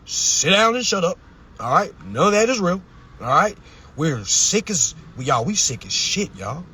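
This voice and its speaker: A man's voice: fairly high pitch, sing-song, moderate pace, bright, forceful tone, husky. A young man hosting a live stream, ranting in a confrontational, preachy and profane way from inside a vehicle.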